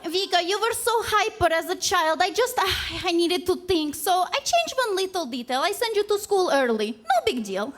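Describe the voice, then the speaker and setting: Tactless Russian-accented mother, put on by a woman storyteller; high, matter-of-fact, broken English. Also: sing-song, moderate pace, few pauses, a bit bright, a little hiss or hum, full character voice. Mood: blunt, dismissive. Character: blunt tactless middle-aged Russian mother. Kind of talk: comic live storytelling.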